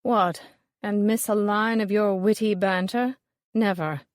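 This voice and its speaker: A woman's voice: lowish voice, moderate pace, a little mellow, dry recording, clean studio sound, close to an everyday voice. A woman voicing a haughty, snobbish British woman appraiser with a sarcastic, belittling manner. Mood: disdainful.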